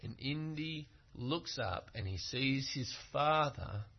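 A man's voice: medium pitch, expressive, takes it slowly. A male preacher giving a sermon, retelling a story and pressing his point with rhetorical questions, on a muffled recording.

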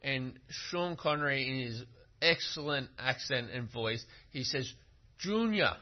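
A male preacher delivers his sermon slowly and deliberately, leaning on rhetorical questions to drive points home. His voice sits at an ordinary middle pitch. The recording is muffled and lacks top end. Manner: storytelling, emphatic, with rhetorical questions.

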